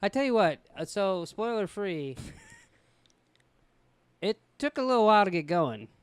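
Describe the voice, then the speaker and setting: A man's voice: high voice, big pitch swings, a little slow, smooth, no echo. A man co-hosting a podcast in casual chat, ribbing his partner in a dry, profane way. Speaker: podcast co-host.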